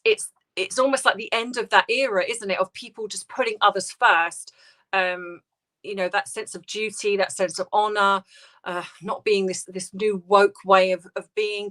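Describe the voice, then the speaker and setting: A British woman hosting a casual livestream, talking softly and hesitantly with many ums and restarts as she answers viewer comments. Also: medium pitch. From United Kingdom. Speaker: livestream host.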